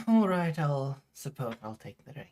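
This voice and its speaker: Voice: mid-range voice, very animated, a little slow, darkish tone. A tabletop player questioning a character in a probing, insistent way. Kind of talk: tabletop game chat.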